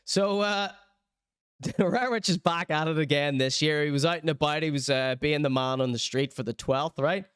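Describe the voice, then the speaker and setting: A man's voice: a little high, moderate pace, a bit bright, clean tone, dry recording, studio quality. Laughing man hosting a clip-review podcast. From Northern Ireland. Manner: chatty, laughing often, sarcastic. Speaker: podcast host reviewing clips. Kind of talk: casual commentary over clips.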